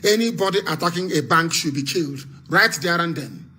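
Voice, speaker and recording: Fiery high-voiced Nigerian man. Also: lively intonation, brisk, bright, forceful tone. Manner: fiery, repetitive, declamatory. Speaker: activist radio broadcaster. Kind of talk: impassioned live radio address.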